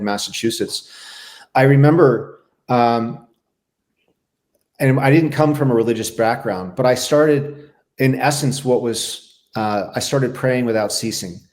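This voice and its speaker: A man's voice: medium pitch, darkish tone. Reflective man telling his recovery story. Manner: reflective, halting, with many restarts. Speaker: podcast guest, former Navy SEAL. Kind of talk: candid personal storytelling.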